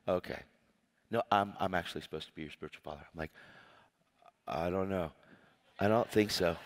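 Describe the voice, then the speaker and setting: A man preaching a storytelling sermon, animated and often laughing as he acts out conversations. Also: lowish voice. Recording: long reverb of a hall.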